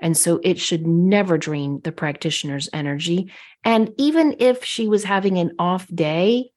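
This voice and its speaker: Brief: woman co-host, slightly low pitch, fired-up storyteller, chatty and opinionated. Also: moderate pace. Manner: indignant, animated storytelling. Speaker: podcast co-host. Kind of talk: casual chat.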